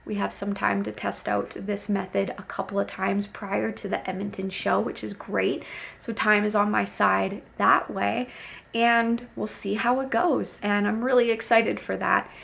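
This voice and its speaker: A woman speaking in a middle-range voice with a gravelly, fry-tinged texture. She talks casually and candidly to her viewers in a vlog, chatty and open, with easy fillers as she shares how her competition went. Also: medium pitch, level tone, a little slow, a bit bright. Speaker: bikini competitor and fitness coach.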